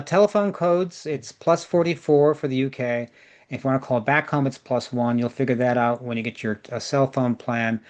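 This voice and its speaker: A man's voice: medium pitch, smooth. A man organizing a group tour, giving chatty, jokey travel advice over a video call and repeating words for emphasis.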